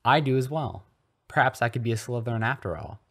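A man's voice: mid-range voice, expressive, a little fast, a bit bright, slightly rough, pitched above the performer's own voice. A man voicing a naive, earnest schoolboy who is new to his faith. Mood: earnest curious. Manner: earnest, innocent, indignant at times.

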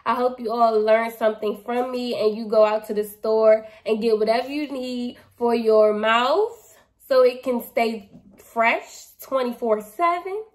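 A woman's voice: a little high, unhurried. A young adult woman vlogger casually reviewing products in a playful, chatty, slangy way, laughing at herself. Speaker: beauty vlogger.

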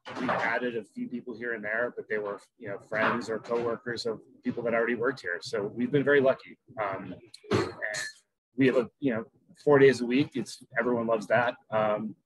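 A man working at a restaurant, answering interview questions in an even, matter-of-fact way. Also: medium pitch, fairly quick, noisy background.

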